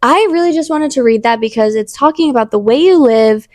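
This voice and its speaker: A woman's voice: on the high side, expressive, a little fast, darkish tone. A young woman hosting a casual faith talk, earnest and rambling, with many fillers and restarts. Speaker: podcast host.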